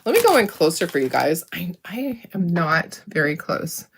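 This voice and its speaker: A woman's voice: on the low side, big pitch swings, normal speed, gravelly, a little hiss or hum. A middle-aged woman hosting a craft video, chatting casually to viewers as she works, upbeat, with frequent little laughs. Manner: chatty, self-talking while working, frequent little laughs; upbeat, enthusiastic.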